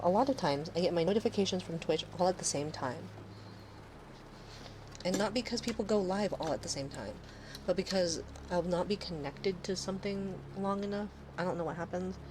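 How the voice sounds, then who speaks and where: Woman streamer, thirties, casual rambling chat, sarcastic, swears a lot, lowish voice, faint noise behind. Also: normal speed.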